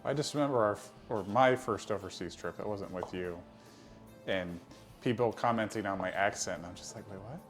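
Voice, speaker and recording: A man's voice: fairly low pitch, a little fast, faint music behind. A man bantering and teasing in casual chat on a cooking stream. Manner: teasing, joking. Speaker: co-host chatting on a cooking stream.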